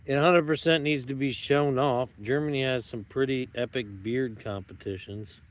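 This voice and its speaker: A YouTube vlogger jokes casually to his camera outdoors at dusk, dogs milling around him. He's a playful, rambling showman, and his mid-range male voice keeps a steady tone at a moderate pace.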